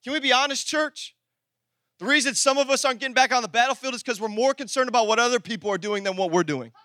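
High-pitched, bright-voiced preaching man. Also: fast talker, no echo, studio quality. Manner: animated preaching, swings from shouted emphasis to low asides; talks to the congregation directly, conversational. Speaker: pastor. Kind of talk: sermon.

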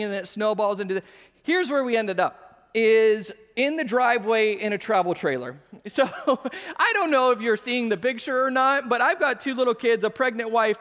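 A man in his thirties with a notably high voice delivers a sermon, spinning everyday stories with lively, self-mocking humor. His voice rings out with a long reverb, as if he is speaking in a large hall. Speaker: pastor. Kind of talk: sermon with personal storytelling.

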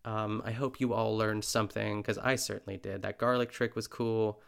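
A man's voice: on the low side, little pitch movement, moderate pace, vocal fry, smooth. A man hosting a podcast, talking in a casual, chatty way with lots of filler words and frequent laughs. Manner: laughs often while talking. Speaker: podcast host.

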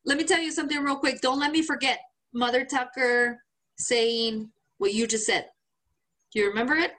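On a podcast she co-hosts, a woman tells a story with plenty of profanity in a casual, chatty way. Her voice is on the high side and her pace moderate, and she animatedly voices the people in the tale.

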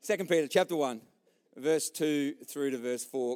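A man's voice: mid-range voice, normal speed. A man with an Australian accent preaching a sermon in church, telling jokes and speaking straight to the congregation. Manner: jokey storytelling, lively, talks directly to the congregation. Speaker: pastor. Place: church service.

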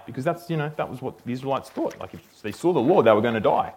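A man teaching a Bible passage in a relaxed, conversational way, often checking in with "okay?". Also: medium pitch, fast talker, hardly any pauses. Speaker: preacher.

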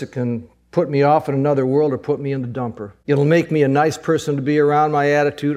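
A man's voice: medium pitch, darkish tone. A male pastor preaching a sermon in an earnest, conversational way, often repeating words.

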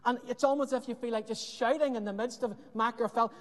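A man preaching a sermon with earnest emphasis and dramatic pauses, often dropping to a hushed voice. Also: very high-pitched, steady tone. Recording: long hall reverb.

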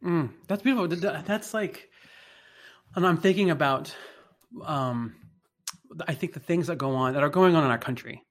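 A man reflecting on faith and identity in conversation, thinking aloud with pauses and restarts. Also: fairly high pitch, soft background music. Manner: thoughtful, hesitant, many fillers and restarts.

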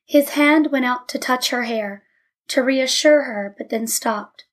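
A woman reads a story aloud as an audiobook narrator, measured and even. Her voice sits somewhat high.

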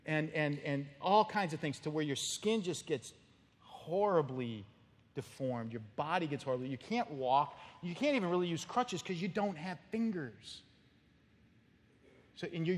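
Animated male pastor, big hall. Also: fairly high pitch. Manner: animated storytelling with sudden loud outbursts. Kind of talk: expository sermon.

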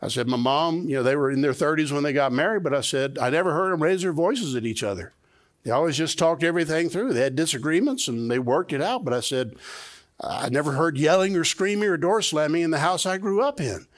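A man's voice: fairly high pitch, lively intonation, brisk. A middle-aged man preaching a sermon to his congregation in a conversational way, often repeating key phrases and having the listeners say them back. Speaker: pastor. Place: church sanctuary.

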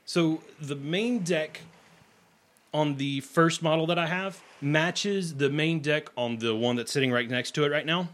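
A man's voice: a little high, unhurried, fairly bright tone. A man running a tabletop game as game master, explaining the scene plainly with side jokes.

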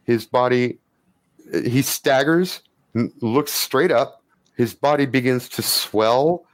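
A man's voice: mid-range voice, takes it slowly, dry recording. A man running a tabletop game as game master, narrating scenes vividly and casually. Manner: animated, vivid scene narration with frequent profanity.

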